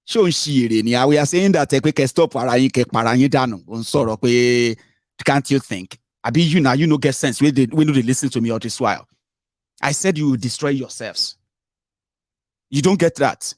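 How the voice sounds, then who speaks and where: In a studio-quality recording with no room sound, a Nigerian man talks fairly quickly, mocking politics in a mix of English, Yoruba and pidgin. His delivery lurches between quiet muttering and loud eruptions.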